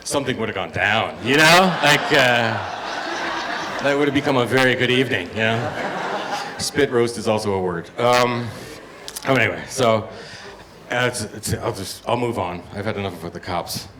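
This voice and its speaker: A man in his fifties performing a stand-up comedy set, telling stories and acting out other voices with loud punchlines. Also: medium pitch, moderate pace. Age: 50s. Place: comedy bar stage with live audience. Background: audience laughter and room noise.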